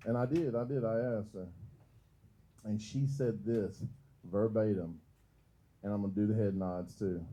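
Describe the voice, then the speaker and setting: A man's voice: fairly low pitch, fairly even intonation, normal speed, long pauses, mellow, a little hiss or hum, rough recording. Profane man working a comedy crowd. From Georgia, US. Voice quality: loose, profane, laughs at own jokes. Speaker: stand-up comic. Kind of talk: stand-up comedy set. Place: comedy club open mic.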